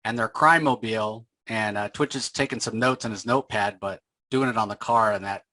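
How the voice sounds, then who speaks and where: A man with a fairly low voice talks casually through a comic book issue. He retells scenes and breaks into quick character voices. The sound is dry and close to the mic. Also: pushed and bright, dry recording. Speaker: podcast host.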